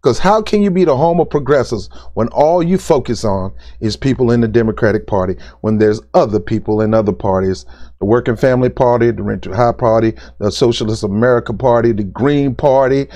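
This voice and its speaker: A political commentary vlogger with a warm, mid-range voice rants his opinions to camera. Blunt and exasperated, he keeps repeating his points in casual speech peppered with words like "ain't" and "dude".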